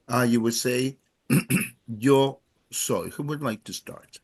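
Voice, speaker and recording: A male language teacher talks at a slow, unhurried pace to his class. His pitch rises and falls a lot as he explains, and he pauses often with hesitant fillers. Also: sing-song. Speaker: Spanish teacher.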